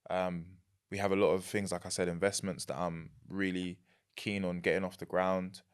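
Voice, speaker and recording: Very deep-voiced young London man. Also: moderate pace, clean tone. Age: young adult. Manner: animated, laughs easily, repeats words. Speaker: guest. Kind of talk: casual chat.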